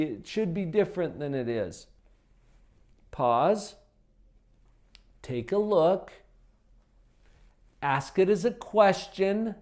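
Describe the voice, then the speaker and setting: A man's voice: on the high side, a little mellow. A man giving a motivational personal development talk, emphatic and upbeat, full of rhetorical questions.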